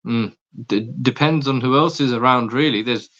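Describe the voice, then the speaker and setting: A man's voice: mid-range voice, fairly bright tone. A man talking sport as a podcast guest, opinionated and stumbling over his words in casual chat. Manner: opinionated, quick restarts and stammers. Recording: dull lo-fi sound.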